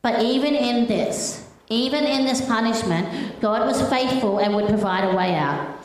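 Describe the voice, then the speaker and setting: A woman's voice: a little high, lively intonation, a little slow, slight background noise. A young woman giving an earnest, personal sermon, mixing scripture with her own story. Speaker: preacher. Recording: very echoey room.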